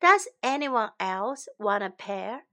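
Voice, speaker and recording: A woman voicing a hungry, gentle male beggar who speaks politely, in a storybook reading for English learners. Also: medium pitch, lively intonation, slow pace, full character voice.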